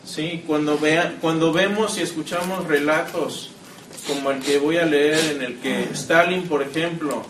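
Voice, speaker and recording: A man's voice: fairly high pitch, fairly even intonation, normal speed, a bit bright, reverberant, recorded from a distance, slight background noise. A man giving assertive, explanatory commentary.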